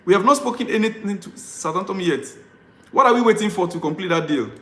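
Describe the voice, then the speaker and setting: Male fan vlogger, high-pitched, ranting live and pleading over and over, recorded in an echoey room. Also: animated, brisk, pushed and bright. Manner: exasperated, repetitive pleading. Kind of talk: live-stream rant.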